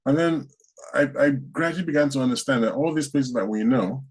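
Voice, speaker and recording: A man from the UK co-hosting a casual podcast, rambling in asides with dry, dark jokes. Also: mid-range voice, fairly quick, breathy edge, rough recording. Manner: dry, rambling, darkly joking. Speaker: co-host.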